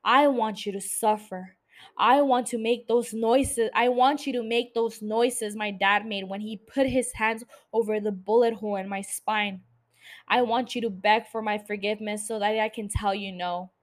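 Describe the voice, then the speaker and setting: A woman reads as a wounded woman who faces the man who shot her. Her measured, bitter words turn slowly toward forgiveness. The voice sits at a middle pitch for a woman. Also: fairly even intonation, lightly acted.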